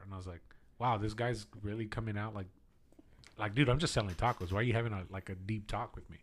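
A young man co-hosting a podcast, telling a story in casual chat, his voice trailing off softly at the ends of phrases. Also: lowish voice, fast. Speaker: podcast co-host.

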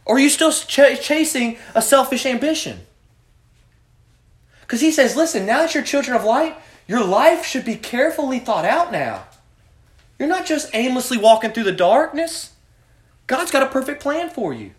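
Man, youth Bible teacher, high voice, preaching, calls on students, roomy echo. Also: very animated, moderate pace. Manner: preachy, asks the group questions, calls on students by name. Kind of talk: youth Bible study lesson. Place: room with a student group. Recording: echoey room.

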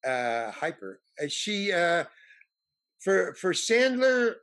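A man's voice: sits high, very animated, slow pace, fairly bright tone. A male actor telling a rambling story as an interview guest, restarting and stammering often. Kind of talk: casual anecdote telling.

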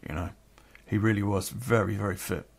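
A man's voice: on the low side, steady tone, a little fast, vocal fry, breathy edge. A middle-aged man telling a personal story on a podcast, candid and rambling, swearing freely.

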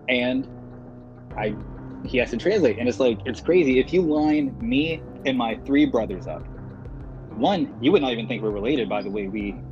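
A man as a podcast guest in casual chat, a talkative storyteller who speaks properly with many fillers. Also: mid-range voice. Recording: dull lo-fi podcast audio with music.

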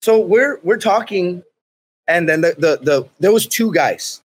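A man with a somewhat high, husky voice rambles through a comic anecdote as a podcast guest. He swears constantly and keeps the telling loose and animated. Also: a little slow. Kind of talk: casual comedic storytelling.

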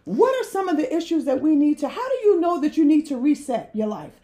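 Earnest high-voiced woman leading a faith talk. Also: big pitch swings, warm tone. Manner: earnest, preacher-like, drawn-out emphasis. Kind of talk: heartfelt faith-based discussion.

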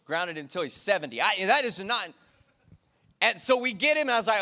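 A man preaching a sermon to his congregation in church, energetic and exhorting, drawing call-and-response from the crowd. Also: high voice, brisk. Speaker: pastor.

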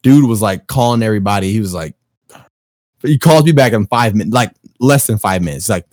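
A man from Chicago telling a story on a casual podcast chat, profane and animated, acting out quotes with big jumps in pitch. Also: a little fast, dry recording, clean studio sound.

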